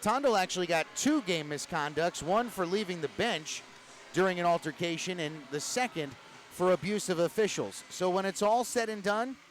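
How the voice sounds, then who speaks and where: A male hockey announcer speaks from an arena broadcast booth. His voice sits slightly high and he lays out the action in a calm, methodical way, with faint background noise. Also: poor audio. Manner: measured, explanatory recapping. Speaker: play-by-play announcer.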